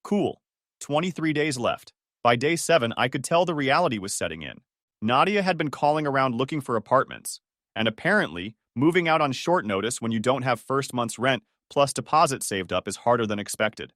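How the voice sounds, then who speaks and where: A man's voice: medium pitch, expressive, a little fast, a bit bright, no room sound. A young man narrating his own story in a dry, sardonic tone. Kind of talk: scripted first-person story narration.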